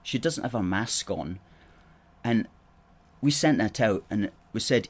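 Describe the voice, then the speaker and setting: A Scottish man hosts a livestream with a fairly low voice. He talks in a loose, opinionated ramble, stops to restart his sentences and answers viewer comments as they come in. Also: animated, a little slow, long pauses. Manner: opinionated, chatty, rambling with self-corrections. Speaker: host.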